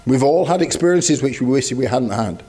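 Brief: male preacher, husky voice, chatty lively sermon delivery, faint music underneath. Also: mid-range voice, normal speed. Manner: conversational, animated, storytelling with asides.

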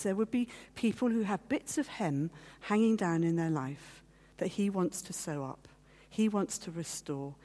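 A woman's voice: mid-range voice, dark tone. A woman giving a heartfelt personal testimony as a guest speaker, telling her story and acting out the voices of others. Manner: heartfelt, at times teary. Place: meeting hall.

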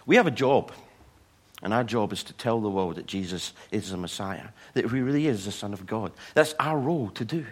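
A man's voice: lowish voice, brisk. A man preaching a sermon, telling personal stories and acting out the people in them. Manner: storytelling, animated voices for quoted people. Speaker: pastor.

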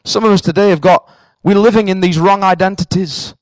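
Steady in tone and fairly quick, a high-voiced pastor from northern England, Northern English in accent, preaches to his congregation at a Cambridge church. He's earnest and direct, repeating himself often for emphasis. The recording is rough, with no echo.

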